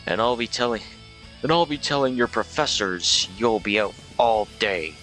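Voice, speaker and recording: A man's voice: lowish voice, expressive, normal speed, a bit bright, soft background music, pitched above the performer's own voice. A man voicing a brash army officer in a game, barking orders in a bossy way.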